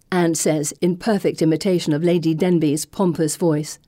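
Mellow-voiced woman narrating an audiobook. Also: on the low side, steady tone, fairly quick, hardly any pauses. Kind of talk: first-person audiobook narration.

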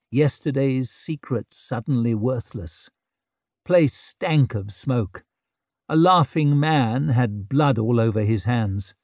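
Slow, dry-voiced male audiobook narrator. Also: medium pitch, darkish tone, no echo. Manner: measured, wry storytelling.

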